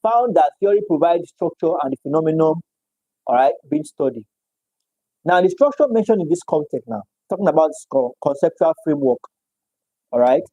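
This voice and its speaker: A man's voice: fairly high pitch, lively intonation, fairly quick, warm tone, no room sound, rough recording. A man teaching a live-streamed economics lecture, repeating points and checking in with listeners. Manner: repetitive, checks in with "all right?".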